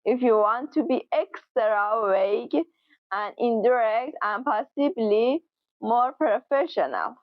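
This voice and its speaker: A woman explains English phrases slowly and patiently, pronouncing each word with care. Her voice sits high, and the recording is dry and close with a slightly muffled top end. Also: no room sound. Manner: patient, carefully enunciated explanations with acted example phrases. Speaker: English teacher. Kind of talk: slow, clear vocabulary lesson. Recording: dry, slightly dull sound.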